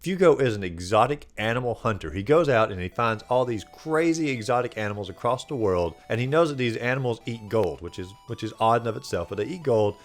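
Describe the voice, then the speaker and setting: A man's voice: medium pitch, expressive, a little fast, few pauses. A man hosting a video game playthrough recap, talking in a casual, rambling way with lots of fillers. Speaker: host.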